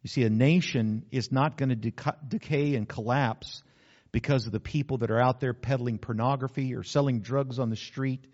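A man, a pastor, preaching a sermon in an earnest way, slowing down to stress key words. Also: medium pitch, fairly even intonation, darkish tone. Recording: slightly dull lo-fi sound.

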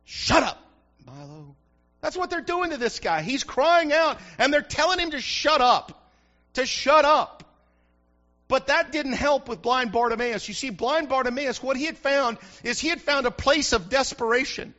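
Male pastor, very high bright voice, fervent sermon delivery, dull lo-fi recording. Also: moderate pace. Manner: fervent preaching, asking the congregation for response. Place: church.

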